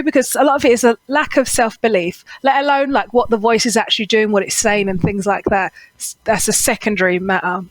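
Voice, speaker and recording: A woman's voice: a little high, no echo. A woman vocal coach as an interview guest, talking earnestly and giving advice, with frequent "Mm-hmm"s. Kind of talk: interview conversation.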